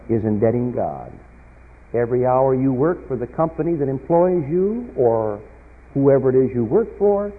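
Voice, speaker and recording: A man delivers a sermon, moving between loud emphatic peaks and quiet asides. His voice is husky and lively in pitch. The sound is tinny and phone-like, with a long reverb from a church hall. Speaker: preacher.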